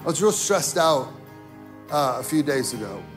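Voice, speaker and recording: A man preaching a sermon in a church, talking casually with lots of "like", rising to shouted peaks and dropping to quiet asides. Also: on the high side, big pitch swings, normal speed, faint music behind. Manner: casual wording with many fillers like "like". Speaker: pastor. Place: church sanctuary.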